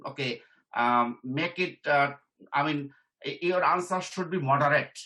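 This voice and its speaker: A man's voice: on the high side, unhurried, bright, forceful tone, rough recording. A middle-aged man giving an informal career lesson, repeating his points and checking in with "okay?". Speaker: career trainer and professor. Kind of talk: informal teaching talk.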